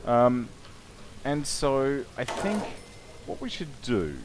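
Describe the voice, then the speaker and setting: A man's voice: medium pitch, sing-song, slow pace, background noise. A man giving wry, chatty let's play commentary, often correcting himself. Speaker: gaming YouTuber.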